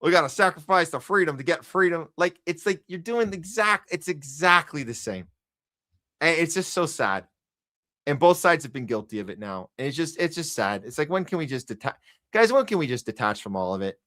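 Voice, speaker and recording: Ranting podcast host, bright edgy voice. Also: male voice, fairly high pitch, big pitch swings, moderate pace. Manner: ranting, sarcastic, heated; talks to a chat audience. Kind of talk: live news commentary podcast.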